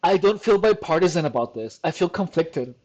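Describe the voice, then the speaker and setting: At his home computer desk, a commentary vlogger reacts casually while reading an article aloud. His voice is a little high, animated, darkish and a little fast, the sound is lo-fi, and he laughs often and trips over long words.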